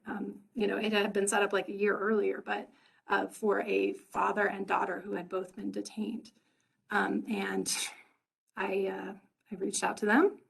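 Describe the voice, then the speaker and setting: A woman reporter describing her research in a casual, halting webinar talk. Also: medium pitch, creaky, slightly rough, low-quality recording. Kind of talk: webinar presentation.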